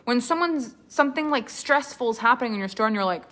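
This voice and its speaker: A woman storytelling coach teaching a live online workshop in an animated, expressive way, laughing often. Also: a little high, fast talker.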